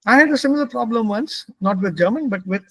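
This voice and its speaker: A man's voice: very high voice, expressive, quick pace, bright, forceful tone, no echo, low-quality recording. A man, a Telugu speaker, telling a personal anecdote as a German teacher, hesitant with frequent fillers.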